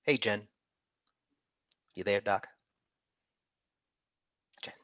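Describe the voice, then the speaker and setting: A man's voice: fairly low pitch, extremely slow, a bit bright, no echo, dull audio. A man tutoring an interactive online medical exam class, upbeat and coaxing, calling on students by name.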